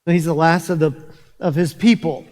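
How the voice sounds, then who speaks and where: A man's voice: fairly high pitch, fairly even intonation, brisk, darkish tone. A man, preaching a sermon as a pastor, telling a story with many restarts and repeated words. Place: church sanctuary. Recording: long hall reverb.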